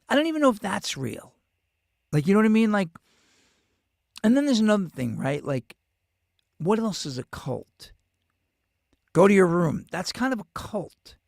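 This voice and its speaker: A man's voice: medium pitch, creaky, darkish tone, dry recording, clean studio sound. A male show host with a New York accent, rambling through a profane, casual monologue full of restarts.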